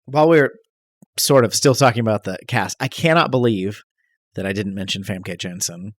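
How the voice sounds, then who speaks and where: A man's voice: on the low side, moderate pace, no echo, studio quality. Rambling, jokey man podcast host. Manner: rambling, jokey, swears casually. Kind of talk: casual movie-review chat.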